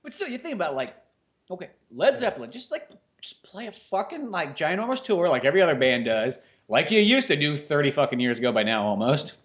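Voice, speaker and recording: Animated profane man, lo-fi podcast. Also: a little high, a little fast. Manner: animated, profane, riffing with mock voices. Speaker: podcast co-host. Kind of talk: casual chat.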